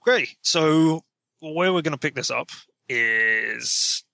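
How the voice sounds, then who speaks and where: A man's voice: a little high, lively intonation, vocal fry, pushed and bright, dry recording. A man narrating a tabletop role-playing game as game master, chatty and often correcting himself mid-sentence. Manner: chatty, self-correcting, quick to laugh.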